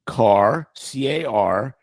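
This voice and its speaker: A man's voice: mid-range voice, expressive, extremely slow, no echo. A man who is a doctor co-hosting a casual chat show, playful and teasing. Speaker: doctor, co-host.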